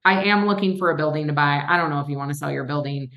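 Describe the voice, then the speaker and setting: A woman's voice: low voice, rapid-fire, fairly bright tone. A woman from Minnesota, a real estate investor chatting casually on a podcast and acting out her phone calls as she tells stories. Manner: chatty, storytelling, acts out quoted phone calls.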